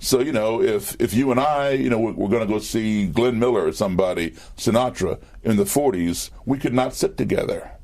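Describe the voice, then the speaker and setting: Low-voiced man telling a backstage story. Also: brisk, few pauses. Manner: animated anecdotes with fillers and restarts. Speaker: interview guest, musician. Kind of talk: storytelling in conversation. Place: TV studio.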